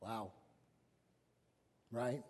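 A man's voice: mid-range voice, very slow, big-room sound. A middle-aged man preaching a sermon as pastor, telling stories animatedly and acting out the voices of people he quotes. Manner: animated storytelling with big swings in loudness.

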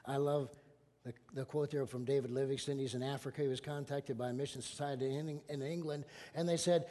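A middle-aged pastor preaches a little fast in a medium-pitched voice, animatedly telling stories and acting out the voices of the people he quotes. His loudness swings widely, and a long reverb tail follows his words.

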